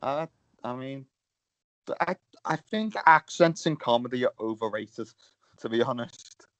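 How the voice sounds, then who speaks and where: A man's voice: mid-range voice, measured pace. A young man co-hosting a podcast in casual chat, with a dry, sarcastic wit. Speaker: podcast co-host.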